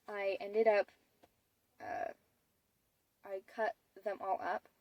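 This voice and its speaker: A woman's voice: medium pitch, darkish tone, no room sound, rough recording. A woman of about twenty telling a personal story in a chatty way, with many fillers and restarts. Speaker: vlogger. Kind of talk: casual storytelling.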